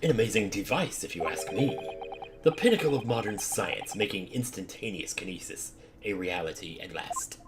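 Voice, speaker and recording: A man's voice: on the low side, animated, normal speed, noisy background, natural voice. A man reading an aloof engineer witness.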